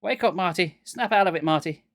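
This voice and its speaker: A man reading aloud, voicing a terrified young girl who shouts and pleads in a frantic, raised voice. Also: high-pitched, brisk, voice pushed up. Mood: pleading.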